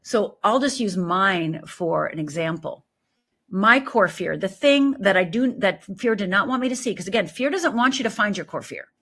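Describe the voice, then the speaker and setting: A middle-aged woman, a life coach, talking in an animated, emphatic way as an interview guest. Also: medium pitch, normal speed. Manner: animated, emphatic, lively storytelling with quoted voices. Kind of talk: conversational interview.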